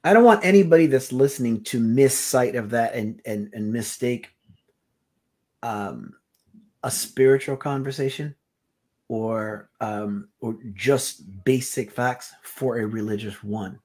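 A man's voice: mid-range voice, a little slow, a little mellow. A man co-hosting a podcast, talking in a reflective way that drifts onto tangents. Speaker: podcast co-host. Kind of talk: casual podcast chat.

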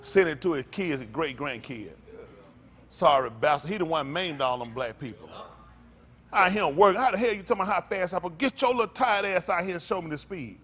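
An older man preaching a fiery, profane rant as pastor, swinging from loud outbursts to low tired mutters. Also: lively intonation, a little fast.

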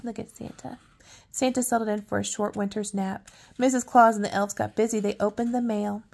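An older woman reading a picture book aloud at bedtime, with soft, coaxing asides to a child. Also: mid-range voice, flat delivery, a little fast, gravelly. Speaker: storyteller.

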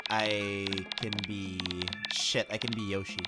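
Low-voiced lady hosting a let's play, slow talker, giggly, game music behind. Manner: giggly, excitable, exclaims often. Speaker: host. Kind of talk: casual let's-play chat.

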